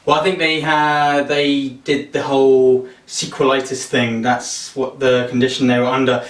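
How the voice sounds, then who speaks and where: A man's voice: mid-range voice, level tone, normal speed. A man hosting a casual film review, opinionated and rambling with restarts. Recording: roomy, mic at a distance.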